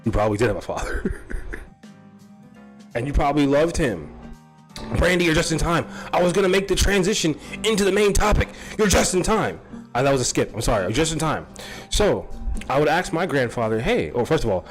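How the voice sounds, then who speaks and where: A man's voice: fairly high pitch, lively intonation, brisk, faint music behind. A man hosting a casual talk show, rambling, swearing and laughing often. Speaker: host.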